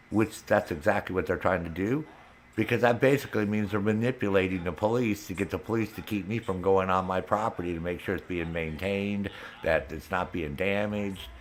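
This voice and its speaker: A man's voice: on the low side, a little hiss or hum. Angry swearing man venting on stream. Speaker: game streamer. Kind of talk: casual chat while gaming.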